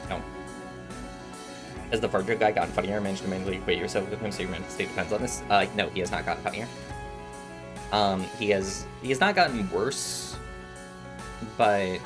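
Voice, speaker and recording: A man in his twenties streaming while gaming, chatting casually and telling rambling stories with many restarts. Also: low-pitched. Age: 20s. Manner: rambling storytelling with frequent restarts.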